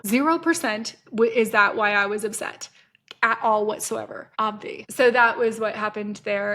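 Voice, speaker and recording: A woman's voice: a little high, fairly bright tone. Blunt, profane woman storyteller. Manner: blunt, profane, rapid self-interrupting storytelling. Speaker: podcast host. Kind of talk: casual storytelling monologue.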